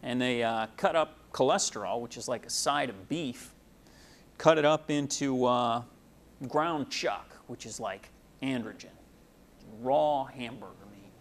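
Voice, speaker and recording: A young man, a medical student, giving a casual explanatory lecture full of homely analogies and frequent pauses with "uh". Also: medium pitch, slight background noise.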